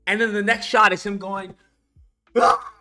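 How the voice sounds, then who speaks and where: Bright-voiced man ranting about a film. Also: high voice, level tone, brisk, faint music behind. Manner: incredulous, profane, laughs often, acts out scenes. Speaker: animation channel host reviewing a film. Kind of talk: casual ranting film commentary.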